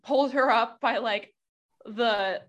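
A woman player in a tabletop game, talking in a playful, expressive way. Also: fairly high pitch, takes it slowly.

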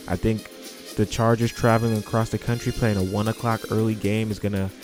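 A man's voice: fairly low pitch, flat delivery, fairly quick, over music. A man hosting a casual podcast, who repeats words for emphasis. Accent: New York. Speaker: podcast host.

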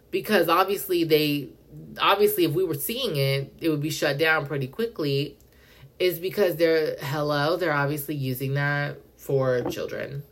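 A young woman hosting a podcast, ranting in a casual, profane monologue full of "like" and indignant outbursts. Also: fairly bright tone. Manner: fast, profane, heavy use of "like", indignant; pitch jumps up when worked up. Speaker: podcast host.

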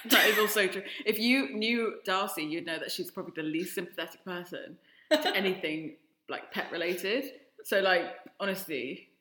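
A woman co-hosting a podcast in casual chat, making quick asides and laughing often. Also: medium pitch, bright, forceful tone, reverberant. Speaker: podcast co-host.

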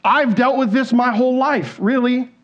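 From a church stage, a pastor with a fairly high voice delivers a sermon at normal speed, talking with the congregation as if in conversation. He repeatedly asks them questions and acts out quoted inner thoughts, and the audio is slightly dull and lo-fi.

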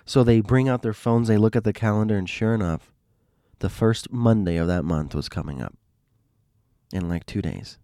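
Deep-voiced man telling a story. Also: moderate pace, dry recording, studio quality. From Miami. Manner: animated, rambling with restarts. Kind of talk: casual storytelling monologue.

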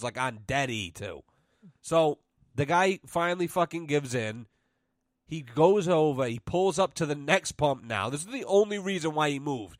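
A man's voice: on the high side, no room sound, studio quality. A young man from New England hosting a casual podcast, telling a road-trip story full of swearing and laughing in the middle of sentences. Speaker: podcast host.

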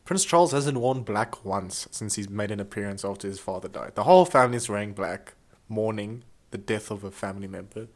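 A man co-hosting a casual comedy podcast, telling stories in an animated, chatty way and slipping into playful impressions. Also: lowish voice, brisk. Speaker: podcast co-host.

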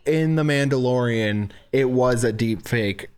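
A man's voice: mid-range voice, measured pace, a little mellow, clear, resonant tone. A man in a casual podcast chat, easygoing and hesitant, with frequent fillers and restarts.

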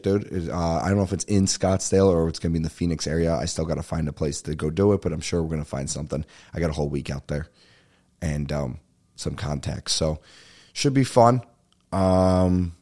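A young man hosting a podcast, rambling in a profane, animated monologue that jumps up in pitch when he gets riled. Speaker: podcast host and stand-up comedian. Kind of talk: casual monologue.

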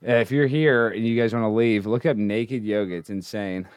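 A man hosting a comedic livestream, brash and boastful, jumping between loud shouting and low mumbling. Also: steady tone, moderate pace, clear, resonant tone, no room sound. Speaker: livestream host.

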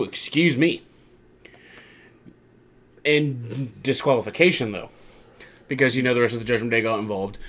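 A man casually recapping a wrestling show as podcast co-host, rambling and acting out quotes in lively voices. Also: medium pitch.

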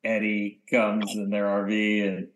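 A man co-hosting a podcast in casual chat, rambling and often trailing off into quiet mumbles. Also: fairly low pitch, completely flat delivery, unhurried. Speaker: podcast co-host.

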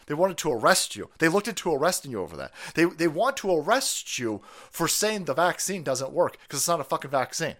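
Male livestream host, ranting, profane, sarcastic, slightly high voice, very animated pitch. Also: a little fast, hardly any pauses. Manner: profane, sarcastic, shouting outbursts. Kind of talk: ranting political commentary.

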